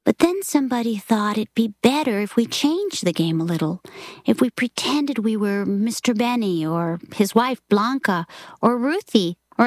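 A woman reading a story aloud in a soft, often half-whispered delivery. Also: medium pitch, no room sound, studio quality. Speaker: reader.

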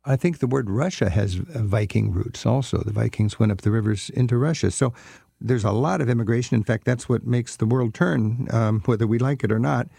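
A man's voice: mid-range voice, brisk, creaky, warm tone, slightly rough, dry recording. A man hosting a radio travel show, chatty and enthusiastic as he interviews a guest. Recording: dry studio mic with faint music.

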